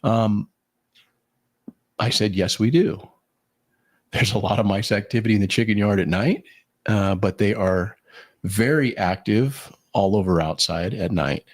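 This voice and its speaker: A man with a low, gravelly voice and a husky edge. He talks through casual stories in a loose, rambling way, full of fillers and restarts. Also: a little slow, long pauses. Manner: rambling storyteller with many fillers. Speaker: podcast co-host. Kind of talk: casual chat.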